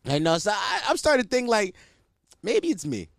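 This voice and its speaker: Young man, candid storyteller, profane slang, lively pitch, dry recording. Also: moderate pace, vocal fry, dry recording. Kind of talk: casual storytelling.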